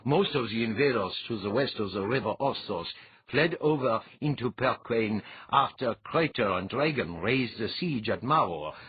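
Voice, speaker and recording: A man voicing a practical nobleman who speaks in a measured, wry way. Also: medium pitch, animated, slightly rough, no echo, voice pushed up. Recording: dull lo-fi audiobook recording.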